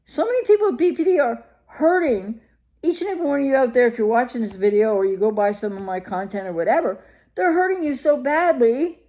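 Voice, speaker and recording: A woman's voice: on the high side, animated, brisk, warm tone. A woman recovery coach talking straight to her viewers, emphatic and full of rhetorical questions. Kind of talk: direct-to-camera advice talk.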